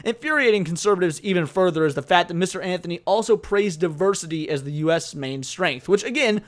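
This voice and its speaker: An American man hosting a commentary show, reading an article aloud and reacting with animated, exasperated outbursts. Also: high voice, fairly quick. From United States. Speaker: commentary host reacting to news.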